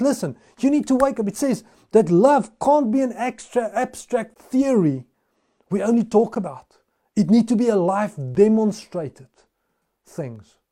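A man's voice: sits high, dark tone. A male pastor preaching a sermon, telling stories in a conversational way with frequent restarts.

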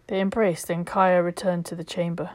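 A woman narrating a storybook in a calm, measured way, at times dropping to a whisper. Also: fairly low pitch, no echo.

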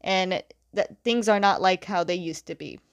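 A woman's voice: on the low side, moderate pace, vocal fry. Chatty young woman recapping a story. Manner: chatty, laughs often, fillers like 'like'. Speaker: host recapping a comic.

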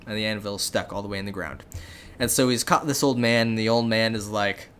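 A young man casually retelling a fairy tale as a podcast co-host, with relaxed, jokey asides and frequent fillers. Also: fairly low pitch, a little fast, clear, resonant tone.

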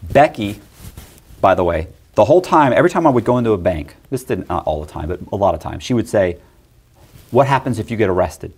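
A middle-aged man telling a personal story in casual talk, animated and acting out other people's lines in quick voices. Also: on the low side, husky.

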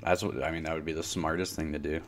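A man co-hosting a casual podcast, relaxed and jokey, often giving short agreeing replies. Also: very deep voice, fast. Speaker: podcast co-host. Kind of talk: casual chat.

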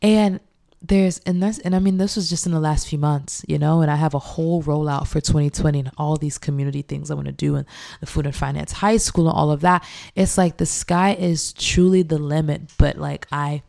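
A young woman chef, animated and laughing often as she acts out quoted speech in a casual interview. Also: deep voice, fairly quick, vocal fry. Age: young adult.

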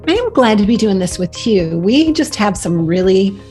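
A woman co-hosting a podcast, thoughtful and halting as she searches for her words. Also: mid-range voice, big pitch swings, darkish tone, faint music behind. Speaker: podcast co-host. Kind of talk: casual podcast conversation.

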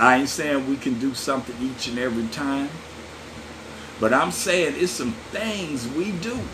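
A man preaching a sermon as a pastor, folksy and lively, talking straight to his listeners with laughs and asides. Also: fairly high pitch, noisy background.

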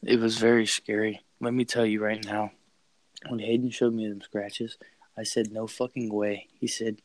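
A young man excitedly telling a scary story in a casual chat, swearing and repeating himself. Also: lowish voice, normal speed, no echo, poor audio. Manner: excited, profane, repeats phrases.

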